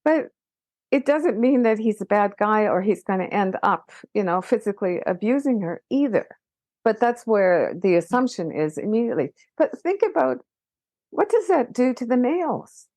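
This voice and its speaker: A woman guest on a parenting podcast, talking in a lively way with many restarts and rising emphasis. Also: fairly high pitch, moderate pace, no echo. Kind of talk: casual conversation.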